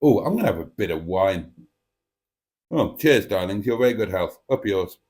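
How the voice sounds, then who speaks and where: A man's voice: lowish voice, expressive, normal speed, a little mellow. A man hosting a live stream, chatting casually and reading out viewer comments in a playful, cheeky, theatrical way.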